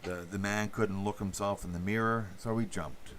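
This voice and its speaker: Host, male, low voice, meandering livestream commentary with sardonic asides, faint hum behind. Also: fairly even intonation, moderate pace, fairly bright tone. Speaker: channel host. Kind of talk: rambling political commentary livestream.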